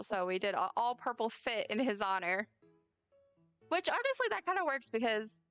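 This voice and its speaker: A woman's voice: medium pitch, animated, normal speed, gravelly, a bit bright, clear, resonant tone, dry recording, soft background music. A woman streaming a game, chatting casually and rambling with lots of fillers. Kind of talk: casual gameplay chat.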